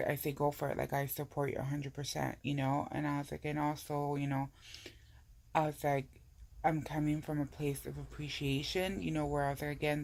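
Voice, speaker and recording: A woman's voice: low voice, gravelly, a little mellow. A woman talking in a casual personal vlog, rambling and full of "I was like" and "you know". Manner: emotional, tearful at times. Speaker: vlogger.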